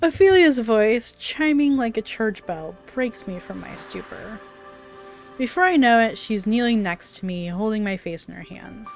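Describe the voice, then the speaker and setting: A woman playing a visual novel, reading the story aloud with dramatic narration and dropping into casual asides. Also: mid-range voice. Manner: dramatic read-aloud broken by chatty asides and laughs. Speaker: let's play player.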